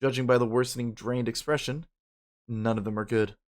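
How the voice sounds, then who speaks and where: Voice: mid-range voice, fairly quick. Casual first-person game narrator. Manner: even, casual reading with asides. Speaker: narrator reading a story game.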